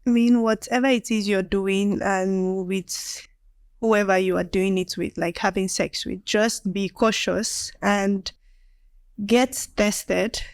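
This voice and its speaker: A woman, a nurse guest on a podcast, giving calm, measured advice. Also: medium pitch, no room sound, studio quality. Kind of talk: podcast interview.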